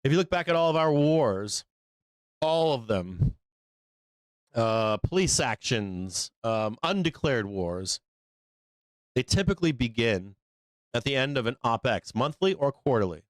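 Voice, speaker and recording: A man's voice: mid-range voice, very animated, measured pace, long pauses, no echo. A man hosting a live stock market show, talking in a blunt, profane, rambling way. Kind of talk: casual market commentary.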